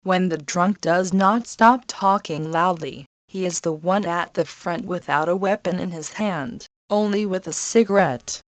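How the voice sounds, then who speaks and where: A woman narrating a scripted story in an even, measured reading. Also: fairly low pitch, no room sound.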